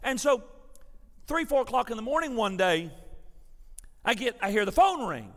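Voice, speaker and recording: Man, pastor, folksy sermon storytelling, high and lively voice, long reverb of a sanctuary. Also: moderate pace. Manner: folksy, animated storytelling preacher.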